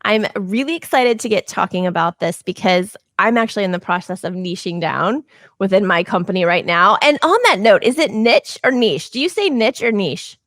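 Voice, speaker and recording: A woman's voice: mid-range voice, animated, a little fast, fairly bright tone, no room sound. A woman hosting a podcast, chatting in a bubbly, casual way and laughing often. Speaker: podcast host. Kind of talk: casual interview chat.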